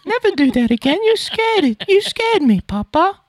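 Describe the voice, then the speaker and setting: A man doing the voice of a whimpering old-timey British child pleading with his papa in a high, quavering sing-song. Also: sing-song, normal speed, no echo, clean studio sound.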